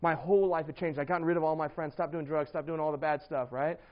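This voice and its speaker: Animated man telling a sermon story. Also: on the high side, quick pace, lo-fi sound. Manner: animated storytelling, lots of fillers and laughter.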